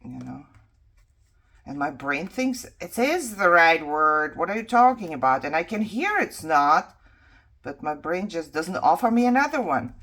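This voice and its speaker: Chatty woman with a lively, swooping voice. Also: low voice, unhurried. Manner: chatty, laughs often, mutters quietly to herself while working. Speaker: craft journaling vlogger. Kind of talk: casual chat while crafting.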